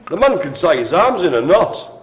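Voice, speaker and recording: A man's voice: on the high side, very animated, normal speed. A man calling a live-streamed bingo game in an indoor room with a small audience, chatty and teasing. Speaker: bingo caller. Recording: echoey room.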